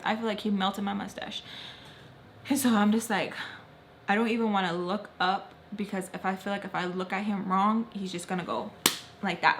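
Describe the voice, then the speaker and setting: A young woman vlogger telling an animated story while doing her makeup, acting out the voices of the people in it. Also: medium pitch. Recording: faint background noise.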